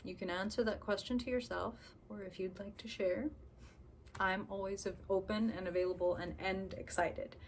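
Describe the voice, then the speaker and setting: A woman's voice: medium pitch, fairly even intonation, moderate pace, slight background noise. A woman giving a casual tarot reading to camera, chatty and candid, swearing freely and acting out people's inner thoughts. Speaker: tarot reader.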